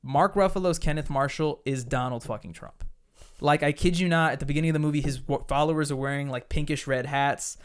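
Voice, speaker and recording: Chatty man with a clear, smooth voice. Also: on the high side, a little fast. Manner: rambling, enthusiastic, heavy on fillers and swearing. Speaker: podcast host. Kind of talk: casual chat.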